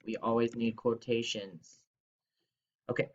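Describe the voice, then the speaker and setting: Brief: bright, upbeat young male teacher giving a remote lesson, lo-fi home mic. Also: mid-range voice, a little slow. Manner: upbeat, playful, exclamatory. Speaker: third grade teacher. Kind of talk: recorded remote grammar lesson.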